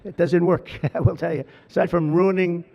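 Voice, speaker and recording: An American politician with a high, gravelly voice speaks at a steady tone and moderate pace, ad-libbing a rambling, digressive speech full of repeated lavish praise. He addresses a crowd at a large outdoor ceremony held at an official residence. The public-address sound is dull and reverberant.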